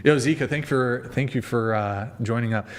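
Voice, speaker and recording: A podcast host on a livestream chats casually straight to his viewers, rambling and swearing as he goes. His voice is medium-pitched at normal speed.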